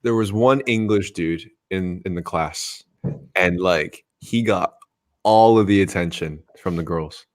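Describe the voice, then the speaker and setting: A man's voice: deep voice, a little slow. An American man hosting a podcast, talking casually in a rambling way with lots of fillers and easy laughter. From United States. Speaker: podcast host. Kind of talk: casual conversation.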